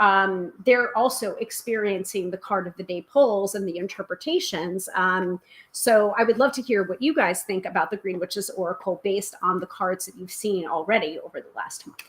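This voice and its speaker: A woman from the United States hosting a tarot live stream. She talks casually and quickly, with many filler ums, and reads viewer comments aloud. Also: medium pitch, fairly bright tone.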